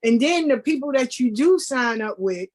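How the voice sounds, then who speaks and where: High-voiced blunt woman telling stories. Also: normal speed. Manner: blunt, animated storyteller acting out quoted people. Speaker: podcast guest, Santera. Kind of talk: casual podcast chat.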